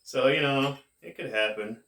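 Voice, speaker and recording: A man casually rambling to camera as a cannabis vlogger, laid-back and drawn-out, saying "man" a lot, high while he talks. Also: sharp tone, echoey room, far from the mic. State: high, getting more stoned.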